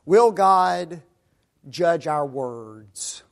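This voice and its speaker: A man's voice: fairly high pitch, animated, extremely slow, gravelly. A man preaching a sermon, often calling his listeners folks and tagging his points with rhetorical questions.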